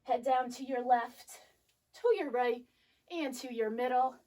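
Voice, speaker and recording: While working out, a young woman instructor leads a live class with upbeat coaching cues, sniffly and short of breath. Her fairly high voice is steady and warm, a little slow. The mic picks her up from a distance in a fitness studio.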